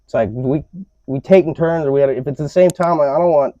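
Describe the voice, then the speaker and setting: Ranting on his podcast, a man rambles casually and swears freely in a warm, fairly high voice at a fairly quick clip. The lo-fi recording is slightly dull, with no room sound.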